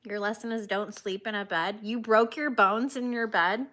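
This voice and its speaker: A woman's voice: mid-range voice, steady tone, moderate pace, a bit bright. A woman hosting a crochet livestream, chatting casually with viewers and laughing often as she tells stories on herself. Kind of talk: casual chat reading live comments.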